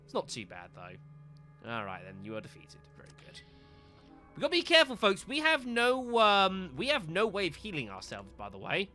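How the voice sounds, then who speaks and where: A man's voice: high voice, huge pitch swings, normal speed, pushed and bright, faint music behind. A man streaming a game live, talking to viewers as folks and getting exasperated at missed shots. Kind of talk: live gameplay commentary.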